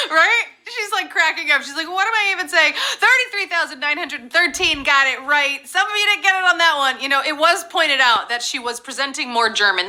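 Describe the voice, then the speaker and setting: A woman hosting a live trivia game show, chatting casually in a bubbly, playful way with quick asides. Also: sits high, pushed and bright. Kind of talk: casual chat.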